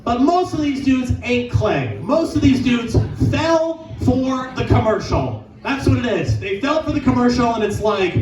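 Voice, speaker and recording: A man doing a crude stand-up set in a bar lounge, riffing fast and shouting his punchlines. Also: extremely high pitch, animated, roomy sound, far from the mic, low-quality recording. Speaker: stand-up comedian.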